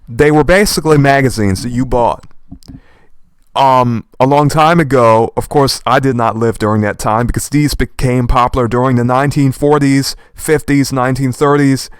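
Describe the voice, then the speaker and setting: A young man with a slight lisp rambling in animated commentary while reading a manga aloud, dropping in old-fashioned verb endings. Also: medium pitch, clear, resonant tone, no echo, clean studio sound. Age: young adult. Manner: animated, fast and passionate talker.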